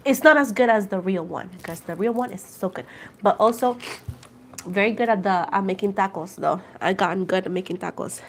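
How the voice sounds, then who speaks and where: A chatty woman talks straight to her livestream audience, calling them "guys" and "girl". Her voice sits at an ordinary middle pitch. She tells little stories with animated energy and goes back over each point a second time. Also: fairly quick, a little hiss or hum. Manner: addresses viewers as "guys" and "girl". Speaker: tarot reader livestreaming. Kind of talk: casual livestream chat.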